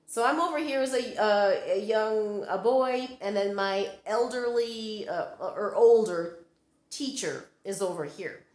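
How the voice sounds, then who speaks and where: A woman recording herself on a handheld phone, talking slowly through personal memories. She wanders from thought to thought, filling gaps with ums and restarting sentences. The room around her is bare and echoey. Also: mid-range voice, a little mellow. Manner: meandering, full of fillers and self-corrections. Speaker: psychic medium vlogger. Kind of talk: rambling personal storytelling. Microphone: holding her phone.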